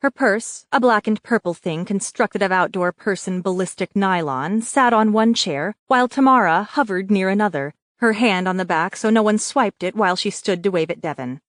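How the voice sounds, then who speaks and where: Her middle-pitched voice carries a scripted fantasy audiobook at an even, measured pace. The recording is close and dry, with no room sound.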